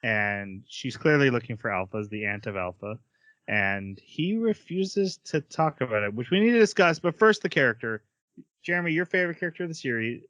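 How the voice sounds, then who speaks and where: A man's voice: mid-range voice, animated, a little fast, a bit bright, dry recording, highs cut off. A man hosting an anime podcast, recapping plot points and steering the talk. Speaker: podcast host. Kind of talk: casual chat recapping episodes.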